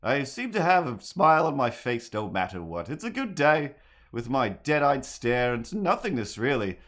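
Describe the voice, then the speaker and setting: A man's voice: mid-range voice, big pitch swings, normal speed, a bit bright. A man hosting a casual livestream while drawing at home, rambling in a goofy, self-mocking way, his voice a bit worn. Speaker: livestream host and artist. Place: home apartment.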